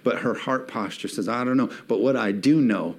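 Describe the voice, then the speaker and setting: A man's voice: medium pitch, moderate pace. A man preaching a sermon in a church, reading scripture and rising to emphatic peaks as he calls on the congregation to respond. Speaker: pastor.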